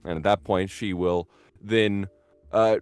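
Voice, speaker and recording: A man's voice: lowish voice, takes it slowly, smooth, no echo, faint music behind. A man narrating as game master of a tabletop role-playing game and voicing its characters. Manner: animated, jumps into loud bursts for characters. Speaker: dungeon master.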